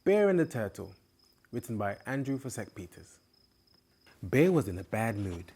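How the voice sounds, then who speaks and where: Animated man reading a bedtime story. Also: on the low side, moderate pace, breathy edge. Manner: animated and expressive. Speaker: storyteller host.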